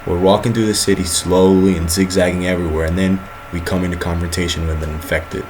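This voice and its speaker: A young man narrating a student project video in a casual, energetic storytelling way. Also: sits low, fast talker, noisy background. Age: young adult. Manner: energetic storytelling, acts out the others' lines.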